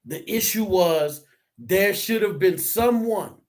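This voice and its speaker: A man co-hosting a casual discussion, talking in a preachy, animated way that rises to near shouts. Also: high voice, slow.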